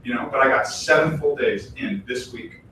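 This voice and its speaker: A man preaching a casual, conversational sermon at a temple, animated and chatty, breaking into voices as he tells examples. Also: medium pitch, moderate pace. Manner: animated, acts out quoted voices, chatty asides. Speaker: temple minister. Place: temple hall. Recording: echoey hall, distant mic, faint noise.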